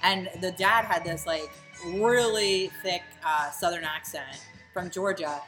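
A woman co-hosting a podcast in casual banter, talking fast, laughing often and swearing casually. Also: fairly low pitch, over music. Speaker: podcast co-host.

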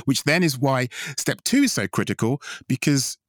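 A man's voice: medium pitch, very animated, normal speed, dry recording, clean studio sound. A man co-hosting a podcast, making his case confidently and stressing key phrases by repeating them. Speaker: podcast co-host. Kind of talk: pitching ideas in conversation.

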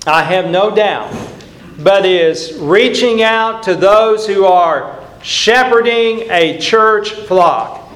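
An older male preacher delivers an earnest, emphatic sermon, leaning on repeated phrases. His voice sits high and moves at a slow, deliberate pace. The sound rings in an echoey church sanctuary.

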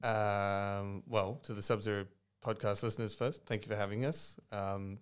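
A man, a podcast guest from a coffee roaster, talking in a relaxed, earnest way. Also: fairly low pitch, moderate pace, clean tone. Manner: relaxed, earnest, thinks aloud. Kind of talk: casual podcast interview.

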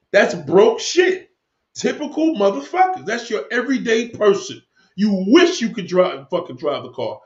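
A man ranting heatedly to viewers of his stream, swearing a lot as he rambles from one point to the next. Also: high-pitched. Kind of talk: profane rant to stream viewers. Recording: echoey room, dull lo-fi sound.

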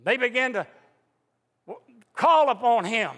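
High, bright-voiced fervent male preacher. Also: expressive, a little slow. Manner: fervent, emphatic preaching with rising outbursts. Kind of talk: sermon. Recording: echoey church hall reverb.

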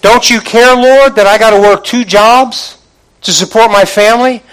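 A man's voice: sits high, normal speed, a bit bright, clean tone, pitched above the performer's own voice, rough recording. A man preaching, acting out a frustrated, overworked woman who pleads and complains to the Lord. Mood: exasperated. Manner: exasperated, repeating pleading questions. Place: church, from the pulpit.

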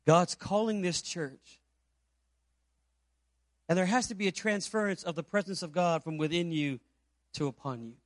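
A man's voice: sits high, moderate pace, long pauses, dry recording, studio quality. A man from Puerto Rico preaching a sermon, telling a story and asking the congregation rhetorical questions. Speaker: pastor.

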